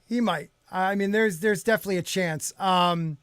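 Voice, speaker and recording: A man's voice: high-pitched, steady tone, moderate pace, a bit bright, clear, resonant tone, no room sound. A man hosting a podcast in casual chat, ranting in an exasperated, profane way. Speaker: podcast host.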